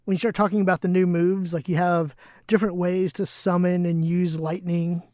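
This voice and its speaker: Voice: mid-range voice, flat delivery, normal speed, mellow, dry recording, studio quality. A podcast co-host in casual chat, giving short, agreeable replies.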